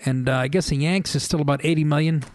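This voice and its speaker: A man's voice: a little high, steady tone, fast talker, a little mellow, no echo. Middle-aged guy radio host rambling, swears a lot, makes fun of himself, dead dry sound. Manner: profane, self-mocking storytelling. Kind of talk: casual comedic monologue.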